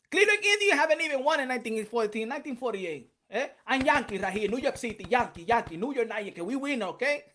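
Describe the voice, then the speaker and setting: A man putting on a brash, boastful Dominican male boxer persona, with a Dominican Spanish accent and loud, profane trash talk in broken English. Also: very high-pitched, voice pushed up, heavily acted. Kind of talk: mock fight promo.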